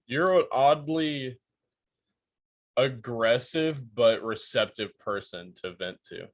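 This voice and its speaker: A man's voice: mid-range voice, animated, takes it slowly. A man co-hosting a podcast, chiming in with laid-back agreement and jokes. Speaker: podcast co-host. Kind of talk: casual chat.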